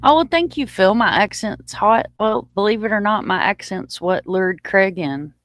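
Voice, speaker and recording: A woman's voice: medium pitch, lively intonation, normal speed, dry recording. A woman hosting a casual live stream and chatting informally with her viewers, a little short of breath. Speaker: livestream host. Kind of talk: casual livestream chat.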